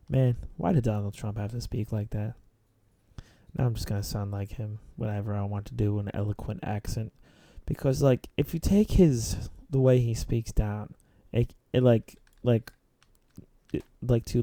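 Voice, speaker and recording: A man's voice: on the low side, creaky, mellow, no room sound. A man rambling philosophically in casual chat while playing a video game, full of "like" fillers. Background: faint game music.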